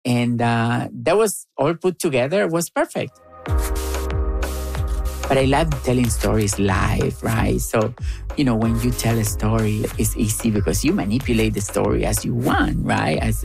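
A woman from Argentina with an Argentine Spanish accent, telling personal stories in an interview in a slow, playful way. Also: very deep voice, gravelly. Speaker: storyteller and writer.

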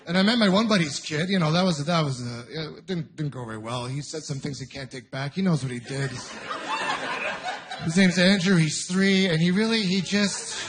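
A man doing stand-up comedy, telling stories in an incredulous, exasperated way with quick asides, with an audience laughing. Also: fairly high pitch. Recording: live venue with audience noise.

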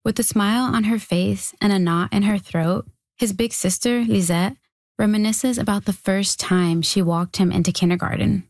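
A woman reporter reading a news feature as scripted narration, in a measured, even delivery. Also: medium pitch, no room sound.

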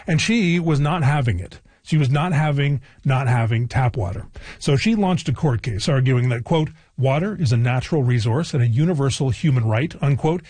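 Wry, husky-voiced comedy host. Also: male voice, mid-range voice, dry recording. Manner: wry, deadpan sarcasm. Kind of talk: scripted comedic news narration.

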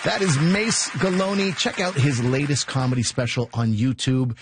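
A man's voice: mid-range voice, moderate pace, a crowd in the background, noisy background. A man hosting a comedy show, reading upbeat promotional announcements. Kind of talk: scripted announcements.

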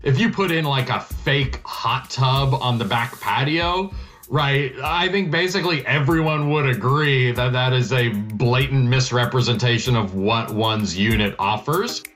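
A man's voice: medium pitch, measured pace, fairly bright tone, faint music behind. A male hospitality professor giving analytical expert commentary in an interview, articulate and dryly wry.

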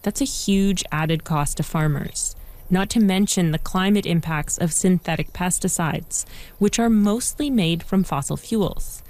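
Woman, reporter, scripted news narration, measured, lower pitch. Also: darkish tone. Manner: measured, clear storytelling delivery.

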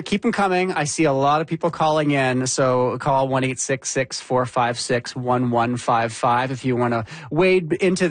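A man hosting a casual call-in radio show, upbeat and quick to laugh. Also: fairly high pitch, no echo. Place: radio studio.

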